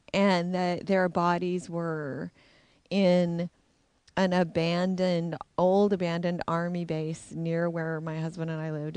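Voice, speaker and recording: A woman's voice: lowish voice, a little mellow, no echo. Middle-aged woman, frank and reflective storyteller, dry close recording. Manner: candid, reflective. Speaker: intuitive, psychic. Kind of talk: personal storytelling.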